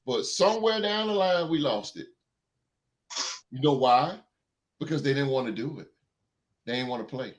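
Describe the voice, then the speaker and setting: A man's voice: mid-range voice, expressive, normal speed, pauses often. A man hosting a sports podcast, ranting with emphatic repetition and then reading sports news aloud. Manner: emphatic, repeats phrases for effect. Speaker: podcast host.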